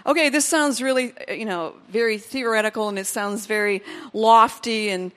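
A woman with a high voice preaches to her congregation. She tells stories in a lively way and acts out the people she quotes. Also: normal speed. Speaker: pastor. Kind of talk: sermon.

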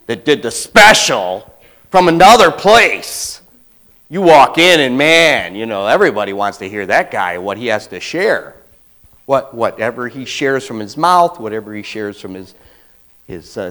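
A man preaching a sermon in a mid-range voice. He talks to the congregation like a conversation, then leaps up in pitch and volume for emphasis. He acts out other people's quotes in his own voice. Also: fairly bright tone, rough recording. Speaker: pastor.

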